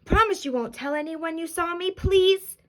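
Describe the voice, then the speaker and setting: A woman's voice: extremely high pitch, moderate pace, fairly bright tone, voice pushed up. A woman voicing a cheerful, bumbling old Santa Claus in a storybook reading, with hearty exclamations. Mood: jolly.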